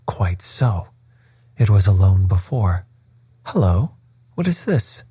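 A man voicing a confident, precise male detective in a storybook reading, calm and quietly commanding. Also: lowish voice, measured pace, breathy edge, dry recording, studio quality, heavily acted.

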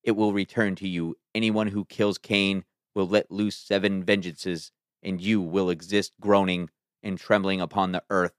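A man, a podcast host, reading an ancient text aloud in a measured, solemn way. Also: sits low, level tone, no echo, studio quality.

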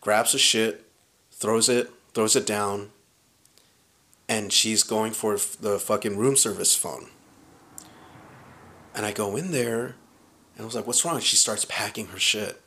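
A man's voice: lowish voice, unhurried, long pauses. Man telling a story, casual and profane. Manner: animated, profane, acts out quoted lines.

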